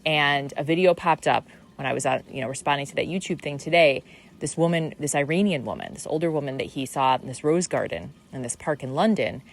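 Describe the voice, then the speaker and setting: Low-voiced woman musing on spirituality. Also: animated, a little fast, creaky, slight background noise. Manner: musing, meandering, many fillers and restarts. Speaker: podcast host. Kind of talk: reflective spiritual monologue.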